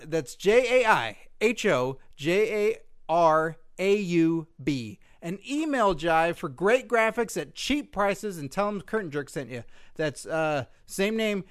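A man's voice: sits high, clear, resonant tone, no room sound, studio quality. A man co-hosting a podcast in casual chat, joking and swearing freely. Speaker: podcast co-host.

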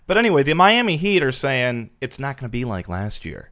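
A man's voice: mid-range voice, very animated, fairly quick, bright, forceful tone. Rambling male podcast co-host. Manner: rambling, hesitant. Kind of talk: casual comedic banter.

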